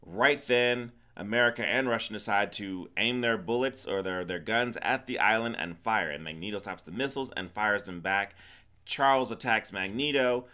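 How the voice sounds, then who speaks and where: A man's voice: on the low side, normal speed, pushed and bright. A man co-hosting a podcast, retelling a film's plot in casual chat with a teasing, emphatic manner. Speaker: podcast co-host. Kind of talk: casual movie recap chat.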